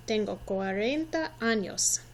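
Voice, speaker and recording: There's a little hiss or hum as a woman in her forties, medium-pitched with lively intonation and a slightly slow pace, instructs young children. Encouraging and patient, she repeats each word in class so the children can echo it.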